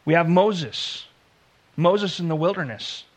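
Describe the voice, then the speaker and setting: A man preaching a sermon in an earnest style, slowing down to stress key words. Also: a little high. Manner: earnest preaching, slows for emphasis, acts out biblical dialogue. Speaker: pastor.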